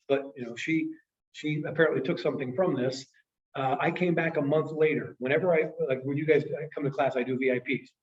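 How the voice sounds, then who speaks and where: A man in his late fifties, a sales trainer telling an emotional story to a class in an earnest way. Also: medium pitch. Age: 50s. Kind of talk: storytelling presentation. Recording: echoey, distant, dull room sound.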